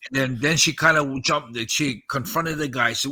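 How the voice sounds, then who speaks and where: A man in his fifties tells a tense story on a podcast, slipping into the voices of the people he quotes and cursing along the way. His voice is very bright and sharp-edged at an ordinary middle pitch. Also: moderate pace, breathy edge. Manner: animated retelling, acting out quoted dialogue, frequent swearing. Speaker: podcast host recounting a story. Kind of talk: casual storytelling.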